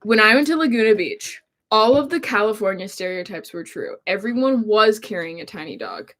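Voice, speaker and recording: A woman's voice: medium pitch, sing-song, fairly quick, a bit bright. Woman, co-host; playful and giggly, reading fan comments aloud on a casual stream. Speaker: co-host of an improv livestream.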